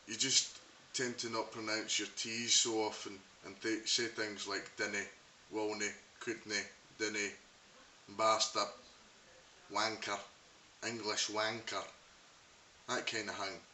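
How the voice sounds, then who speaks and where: A Scottish man talks through a casual comic monologue, wry and teasing, slow and rambling. His voice sits a little low yet sounds bright and forceful. It is caught from some distance in a roomy space, with a faint hiss behind it. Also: little pitch movement. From Scotland. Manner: mocking, wry, rambling with fillers. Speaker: vlogger.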